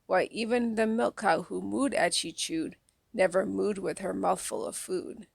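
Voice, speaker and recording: A woman reading children's poems aloud in a soft, unhurried, even way, close to the mic. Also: medium pitch, gravelly, husky, no echo. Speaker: audiobook reader.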